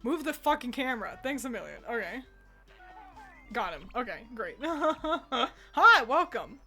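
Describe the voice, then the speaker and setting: A young woman with a slightly high voice talks casually and playfully while she streams from home, swearing freely and chatting to her cat. She speaks into a desk microphone, and faint game music plays underneath. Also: big pitch swings, a little slow, bright, forceful tone. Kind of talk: casual gaming commentary.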